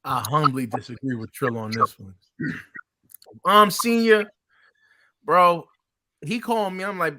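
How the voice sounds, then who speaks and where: A man's voice: a little high, measured pace, long pauses, sharp tone. A middle-aged man co-hosting a casual podcast, talking emphatically and breaking into playful quoted voices. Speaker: co-host, Spirit G.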